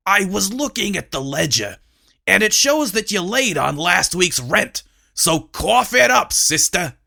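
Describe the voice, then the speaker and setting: A narrator voicing a smug male dwarf who demands his rent in a brisk, dismissive way. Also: mid-range voice, very animated, gravelly, bright, forceful tone, pitched above the performer's own voice, heavily acted. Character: smug male dwarf landlord, unfazed and brusque.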